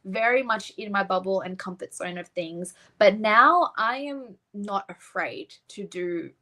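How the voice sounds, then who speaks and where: A woman's voice: mid-range voice, measured pace, bright, forceful tone, poor audio. Earnest young Australian woman. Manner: earnest, heartfelt, rambling. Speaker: pageant winner guest. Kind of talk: casual interview chat.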